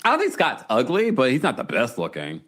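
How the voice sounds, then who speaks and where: A man hosting a casual live recap show who reads out viewer comments, laughs often and reacts with animated surprise. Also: medium pitch, fairly quick, soft background music. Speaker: podcast host reading live chat. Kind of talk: casual reality-TV recap chat.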